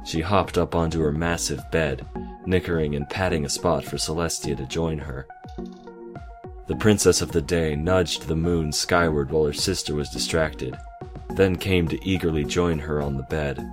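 A man narrating a fan fiction story, reading in a slow, measured way with small slips. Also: very deep voice, faint music behind.

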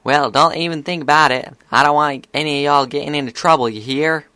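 A man's voice: on the high side, steady tone, a little fast, bright, forceful tone, no room sound, voice pushed up. A man doing a stern, drawling big-sister pony. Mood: scolding. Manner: stern, scolding, says y'all. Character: bossy protective older pony sister, drawling.

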